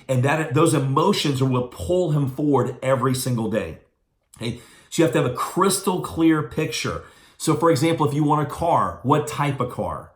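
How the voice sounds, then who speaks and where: Fast-talking man in an echoey room. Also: medium pitch. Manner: fast, animated storytelling. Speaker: business trainer. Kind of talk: motivational video training.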